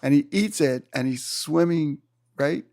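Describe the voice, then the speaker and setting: A man in his seventies from Hawaii, an interview guest telling surf stories in an animated way and acting out his own exclamations. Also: a little high, unhurried, no room sound, studio quality. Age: 70s. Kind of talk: storytelling in a conversation. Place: room.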